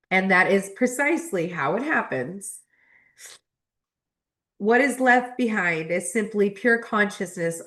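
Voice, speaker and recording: A woman's voice: mid-range voice, fairly bright tone. Emotional woman reading a spiritual text. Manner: emotional, choked up and laughing between passages. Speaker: spiritual astrology channel host.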